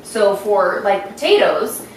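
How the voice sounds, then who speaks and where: A woman's voice: mid-range voice, sing-song, slow, a little hiss or hum. A woman in a casual group chat, explaining diet rules loosely and with lots of fillers. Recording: very echoey room, distant mic.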